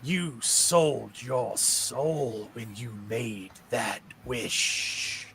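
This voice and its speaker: A man voicing a sinister otherworldly male being who gives cold, commanding orders in a slow, low, partly whispered delivery. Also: gravelly, noisy background. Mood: menacing.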